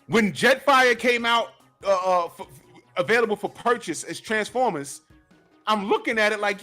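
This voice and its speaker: High-voiced man telling animated stories. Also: moderate pace, faint music behind. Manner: animated storyteller, acts out his own reactions; frequent repeated words and fillers. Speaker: host. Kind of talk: casual chat about cartoons.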